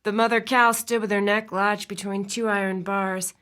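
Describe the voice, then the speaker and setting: A woman narrating a romance audiobook in an expressive storytelling style. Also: medium pitch, normal speed. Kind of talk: scripted narration.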